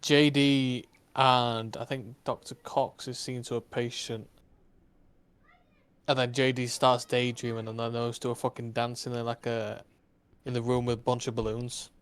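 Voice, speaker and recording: A man's voice: medium pitch, level tone, a little slow, clear, resonant tone. A man chatting casually on a podcast in an offhand way, swearing now and then. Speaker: podcast co-host. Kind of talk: casual chat.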